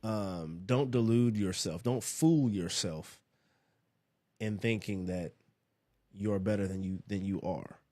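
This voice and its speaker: A man's voice: on the low side, slow, a little mellow, no room sound. A man hosting a podcast, giving a casual motivational monologue in a laid-back, rambling way, often repeating and restarting his phrases. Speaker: podcast host.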